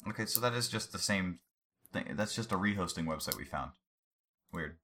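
Young man, relaxed offhand chat, low pitch, bright ringing tone. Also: moderate pace, slight background noise. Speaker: co-host reading stories. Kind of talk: casual chat.

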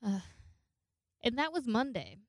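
A woman's voice: a little high, sing-song, measured pace, dry recording, clean studio sound. A young woman in her twenties telling a rambling, profanity-laced story in a casual monologue, acting out the voices of the people in it. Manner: rambling, swears a lot, acts out voices in quotes.

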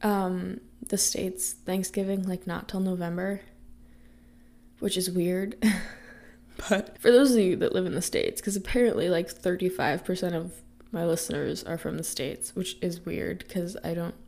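Podcast host, young woman, raspy, gravelly as she's getting sick, chatty and rambling. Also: lowish voice, fairly even intonation, a little slow, darkish tone, a little hiss or hum. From Canada. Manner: chatty, rambling with many fillers. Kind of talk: casual chat.

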